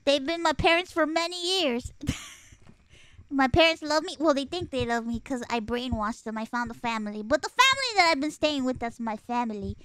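A young woman streamer, telling a story in an animated, profane, laughing way. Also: high-pitched, a little fast, no room sound. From Puerto Rico. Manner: animated, profane, laughing, bursts into loud acted outbursts. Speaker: live streamer. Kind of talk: casual storytelling.

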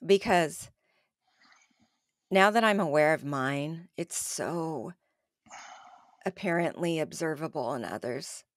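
A woman's voice: low voice, animated, takes it slowly, pauses often, no room sound, studio quality. A woman hosting a podcast, talking reflectively and earnestly with her guest, often restarting her sentences. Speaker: podcast host. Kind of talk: conversational podcast interview.

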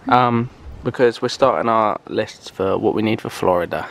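A man's voice: on the low side, moderate pace, creaky, slight background noise. A young man chatting casually to camera for a vlog, rambling with plenty of fillers and restarts. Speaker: vlogger.

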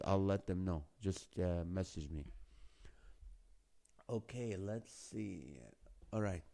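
A man's voice: deep voice, a little slow, dark tone. A man with a Middle Eastern accent hosting a live online show, chatting casually, joking and reading viewer comments aloud. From Holy Land. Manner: chatty, jokey, reads viewer comments aloud and laughs often. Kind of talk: casual live-stream chat.

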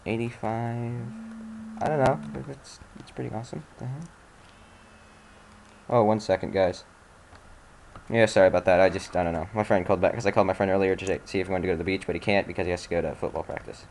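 A man's voice: sits low, steady tone, fast, creaky, pauses often, darkish tone, slight background noise. A young man commentating a video game he is playing, irritable and frustrated, grumbling and swearing as he plays. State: angry, frustrated. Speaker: let's play commentator. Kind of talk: casual gameplay commentary.

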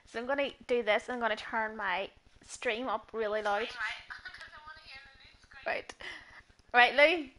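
A woman streaming a horror game live, hoarse and laughing often as she chats to viewers and a friend. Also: fairly high pitch, bright, forceful tone. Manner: giggly, chatty, talks to viewers. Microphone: earpiece headset.

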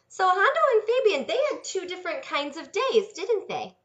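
A young woman librarian reading a picture book and leading a sing-along for small children at home, in a sing-song voice with big pitch swings. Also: sing-song, normal speed, few pauses, a bit bright, dull audio.

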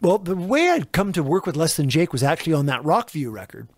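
A man's voice: on the high side, sing-song, a little fast, no echo. A man, a record producer, telling long, rambling anecdotes in a casual interview and acting out the quotes in them. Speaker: record producer and engineer guest.

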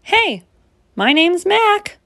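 A woman's voice: very high-pitched, sing-song, very slow, sharp tone, dry recording, clean studio sound, pitched above the performer's own voice, exaggerated voice. A woman voicing a big, scruffy male monster who slurps, slobbers and whines. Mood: goofy. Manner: slurping and whiny.

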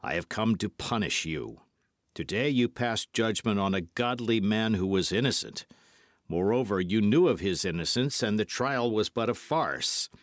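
A man's voice: fairly low pitch, lively intonation, normal speed, no echo, clean studio sound, close to an everyday voice. A man playing a cold, commanding masked outlaw. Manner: stern, clipped threats.

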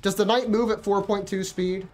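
A woman streamer talking to herself through a game, profane and animated, thinking aloud. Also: medium pitch, moderate pace, soft background music. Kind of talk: gaming livestream commentary.

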